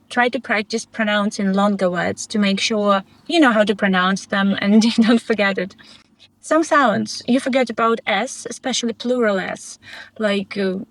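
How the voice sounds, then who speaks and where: A woman acting as a speaking examiner, giving mock-test feedback in an encouraging way with frequent light laughs. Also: medium pitch.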